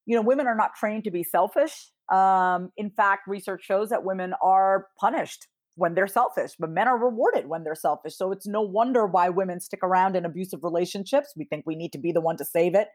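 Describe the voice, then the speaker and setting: A woman in her thirties talks as a podcast guest, animated and expressive. She acts out quoted dialogue with big jumps in pitch and swears casually as she tells her stories. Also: fairly quick, hardly any pauses. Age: 30s. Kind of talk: casual interview chat.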